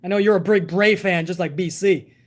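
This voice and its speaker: Brisk and high-voiced, a man talks loosely on a live stream, cursing frequently and calling out viewers by name with thanks. He addresses his audience directly in easygoing banter and reads their messages.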